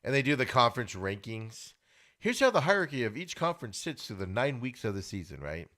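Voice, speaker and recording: A man hosting a sports podcast, giving opinionated casual commentary and getting loud and high when worked up. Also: big pitch swings, a little fast. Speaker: podcast host. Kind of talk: casual sports talk monologue.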